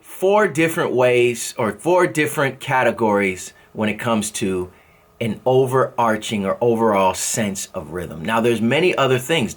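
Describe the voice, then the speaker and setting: A man teaching a music lesson on rhythm, who explains by singing drum syllables and counting beats, and often stops to correct himself mid-sentence. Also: medium pitch. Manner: thinks aloud, with restarts and self-corrections.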